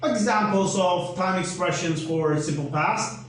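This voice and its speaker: A man's voice: high-pitched, measured pace. A man with a Turkish accent teaching an English grammar lesson, spelling out letters and asking and answering his own questions. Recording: echoey room, mic at a distance, faint hum.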